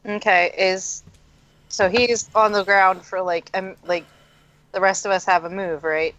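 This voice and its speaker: A woman's voice: medium pitch, steady tone, measured pace, fairly bright tone, lo-fi sound. A woman playing in a tabletop game, asking hesitant rules questions over voice chat. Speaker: player.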